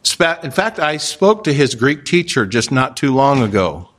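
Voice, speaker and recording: A man preaching an expository sermon, measured and emphatic, with occasional dry asides. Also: mid-range voice, big pitch swings, a bit bright. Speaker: pastor.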